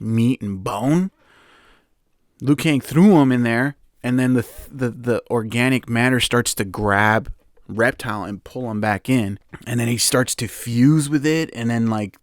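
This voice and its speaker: A young man hosting a podcast, retelling a movie's plot in a loose, excited ramble full of fillers and little laughs. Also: medium pitch, dry recording, clean studio sound. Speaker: podcast host. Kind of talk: casual movie recap.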